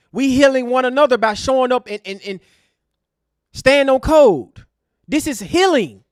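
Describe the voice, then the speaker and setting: Fiery high-voiced man on a livestream. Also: no room sound, clean studio sound. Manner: fiery, preachy, repetitive. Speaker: online show host. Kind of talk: impassioned livestream rant.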